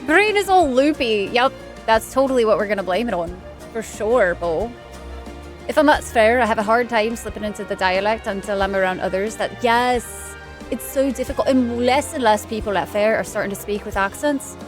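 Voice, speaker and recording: A woman's voice: a little high, moderate pace, soft background music. A woman streaming a video game, chatting casually and bubbly with her viewers as she plays. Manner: chatty, bubbly, chats with viewers while playing. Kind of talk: casual let's-play commentary.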